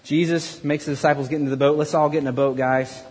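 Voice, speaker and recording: A man preaching a sermon as a pastor, playfully narrating a scripture skit and bursting into loud dramatic reading. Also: a little high, level tone, fast talker, slightly rough, in a large hall. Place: large hall with audience.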